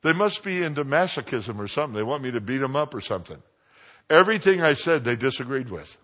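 A man preaching a sermon, joking with his congregation and swinging from quiet asides to loud exclamations. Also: mid-range voice, very animated, quick pace.

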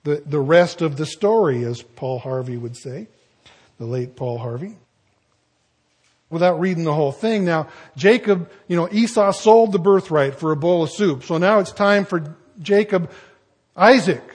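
Man, preacher, sermon, husky, a bit high-pitched, folksy asides. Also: a little slow. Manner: conversational, folksy asides while reading scripture.

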